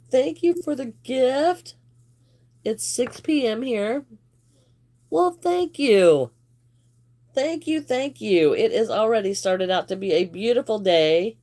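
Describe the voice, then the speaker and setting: Brief: woman livestream host, unhurried and friendly, fairly high voice, greets chat by name. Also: expressive, dark tone. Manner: greets viewers by name, chatty, laughs often. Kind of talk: casual live-stream chat while crocheting.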